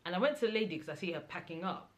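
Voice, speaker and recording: A young woman chats through a storytime vlog in a fairly low voice. She acts out the people in her story and keeps jumping up into high, exasperated cries. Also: very fast. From Nigeria. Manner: animated storytelling, mimicking others, rising to exasperated high-pitched outbursts. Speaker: vlogger.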